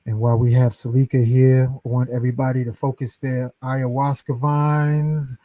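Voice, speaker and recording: A man hosting a healing prayer circle, calmly leading blessings with drawn-out words. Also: medium pitch, no room sound. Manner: slow, calm, drawn-out blessings.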